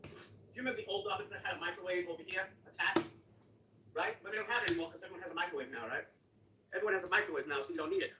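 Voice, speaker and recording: A man's voice: high voice, racing. A man chatting casually in his kitchen while cleaning, telling a rambling, repetitive story. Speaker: vlogger. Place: home kitchen. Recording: echoey room, distant mic, background noise.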